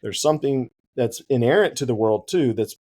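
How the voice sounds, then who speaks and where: Animated man chatting about books. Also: medium pitch, moderate pace. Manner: animated, laughs easily. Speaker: podcast co-host. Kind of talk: casual book discussion.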